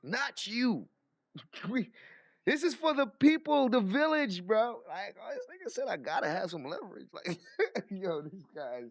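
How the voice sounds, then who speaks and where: Male vlogger reacting to clips, lively voice, dry close mic, mocking and exasperated. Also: extremely high pitch, slow, no echo. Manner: animated, incredulous, swearing, mocking impressions. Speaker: commentary vlogger. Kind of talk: casual reaction commentary.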